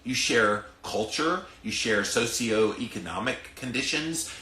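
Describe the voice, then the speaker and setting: A middle-aged Southern US man rants on his podcast, emphatic and preachy, speaking straight to listeners. His mid-range voice is animated, bright, and forceful, taken slowly with few pauses in a roomy-sounding space.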